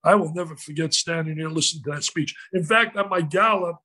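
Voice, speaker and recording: A man telling a story as an interview guest, in an animated, emotional way. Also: on the high side, quick pace, low-quality recording.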